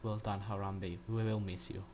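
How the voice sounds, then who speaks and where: A man's voice: lowish voice, flat delivery, normal speed, noisy background. A man ranting in a crude, mocking and rambling way while he comments on a video, often restarting his sentences. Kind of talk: profane reaction rant.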